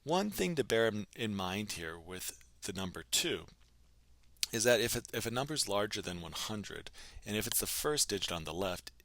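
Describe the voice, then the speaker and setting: A man with a lowish but bright, forward voice teaches a recorded language lesson. He drills numbers patiently, asking and then answering each one. The sound is dry and close. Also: sing-song, normal speed, dry recording.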